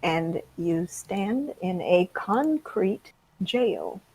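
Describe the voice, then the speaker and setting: A young woman narrating as game master of a tabletop game, halting with ums and breaking into laughs. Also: lowish voice, animated, darkish tone, husky.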